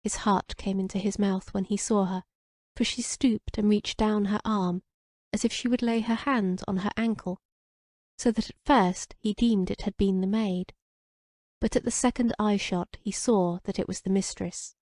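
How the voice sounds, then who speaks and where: A woman narrates an old romance audiobook at an even, measured pace. Her voice is mellow and warm, with a dry, close sound. The reading stays steady and unhurried. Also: mid-range voice, no room sound.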